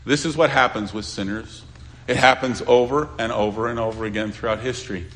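A man's voice: medium pitch, steady tone, a little fast. Impassioned male preacher. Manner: pleading, swings from loud to hushed. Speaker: pastor. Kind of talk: sermon.

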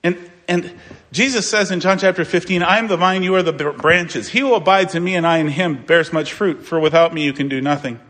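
A man's voice: a little high, fairly quick, a bit bright. Emphatic male pastor preaching. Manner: emphatic preaching with rhetorical questions and repetition. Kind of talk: sermon.

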